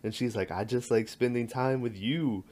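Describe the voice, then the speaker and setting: Man, casual chat, mid pitch, laughing, acting out scenes. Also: moderate pace, a little mellow. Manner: laughs often, acts out movie scenes.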